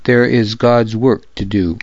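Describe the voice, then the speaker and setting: A man's voice: lowish voice, steady tone, measured pace, a little mellow, no echo. A stern, pious king from an audiobook makes a formal announcement, voiced by a male narrator. The sound is dull and muffled, and dry. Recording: dull, muffled close recording.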